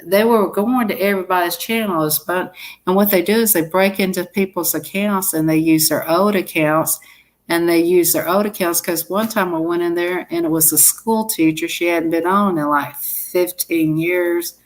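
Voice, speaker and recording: A woman's voice: lowish voice, steady tone, moderate pace. A woman chatting casually to her live-stream viewers, rambling and laughing often.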